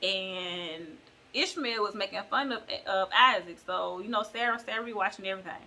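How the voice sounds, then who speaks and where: Chatty woman with a bright voice. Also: mid-range voice, normal speed. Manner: chatty, slangy, digressive. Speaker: vlogger. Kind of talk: casual bible retelling.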